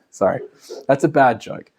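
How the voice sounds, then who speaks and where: A man's voice: mid-range voice, darkish tone, husky. A middle-aged man giving a casual spoken lecture, chatting, laughing often and acting out the voices of family members. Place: classroom.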